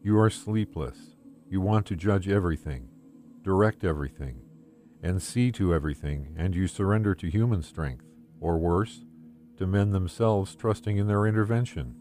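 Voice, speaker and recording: A man reading a devotional text aloud in the first person, in a calm, gentle and measured way. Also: sits low, soft background music. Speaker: devotional reader.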